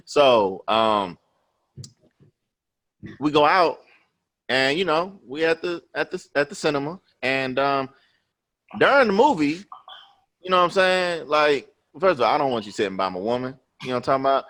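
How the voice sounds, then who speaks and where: A man's voice: on the high side, lively intonation, moderate pace, pauses often, a bit bright. A man in his thirties, a podcast host, telling a personal story in loose, profane chat and tagging his lines with "you know what I'm saying".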